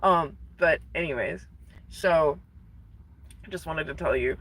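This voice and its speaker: A woman's voice: sits low, slow, long pauses, slight background noise. A woman casually retelling a story to camera, rambling, swearing and full of fillers. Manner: rambling, profane, animated retelling. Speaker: vlogger.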